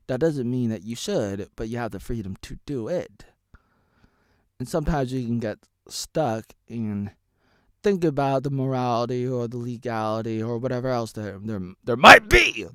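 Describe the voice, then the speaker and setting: A man in his thirties from Oregon hosting a rambling solo vlog, jumping between wild shouted bursts and low mumbled asides. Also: no room sound. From Oregon, United States. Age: 30s. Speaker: vlogger host.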